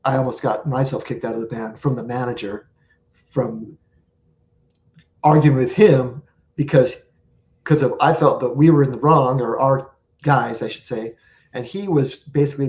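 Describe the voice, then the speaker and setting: A man in a casual interview, spinning a long story about life on tour. He jumps between scenes and acts out the lines of the people in it. His voice sits in an ordinary middle pitch. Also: normal speed, a little mellow. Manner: rambling anecdotes with acted-out quotes. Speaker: guest musician.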